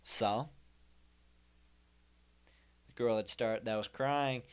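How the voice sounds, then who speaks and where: A man's voice: mid-range voice, fairly even intonation, extremely slow, smooth. A young man telling a comic story in a rambling monologue, repeating himself and making mock-indignant asides. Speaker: comedian host.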